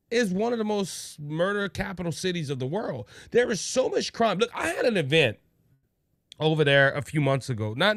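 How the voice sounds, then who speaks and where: A man's voice: fairly high pitch, no room sound, studio quality. A man hosting a casual political talk show from Louisiana, rambling and restarting often, reading viewer comments aloud. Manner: rambling, repeats himself and restarts. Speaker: podcast host.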